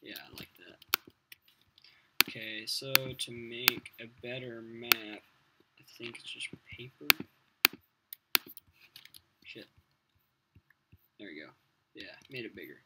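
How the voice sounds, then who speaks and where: A man's voice: medium pitch, takes it slowly, pauses often. A man giving casual, crude, profanity-laden commentary while playing a video game at his computer. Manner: crude, profane, rambling self-talk. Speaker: let's play host. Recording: loud background noise with keyboard clicks.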